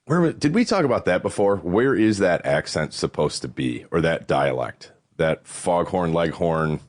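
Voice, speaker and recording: A man's voice: moderate pace, dry recording, clean studio sound. A man co-hosting a podcast in casual chat, rambling and swearing casually. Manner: rambling, swears casually, lively rises in pitch. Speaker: podcast co-host.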